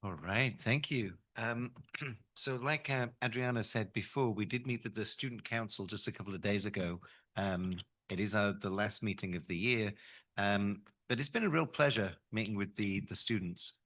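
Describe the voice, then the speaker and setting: A man gives the superintendent's report at a school board meeting, measured and pausing on fillers. His voice is very deep. The sound is dry and close. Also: fairly bright tone, dry recording.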